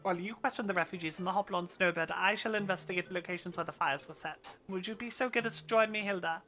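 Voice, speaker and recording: A woman's voice: fairly low pitch, fast, a bit bright, faint music behind, close to an everyday voice. A woman voicing a flirtatious, gossipy male noble with a plummy upper-class drawl while reading game dialogue aloud. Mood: wry.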